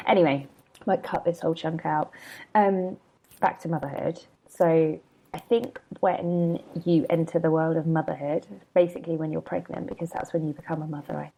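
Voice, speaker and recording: Here the same kind of host speaks: a thirtysomething blogger doing a casual solo podcast, open and talkative, often laughing and wandering from the subject as she yawns through a mild hangover. Her voice is deep and mellow, captured with poor audio quality.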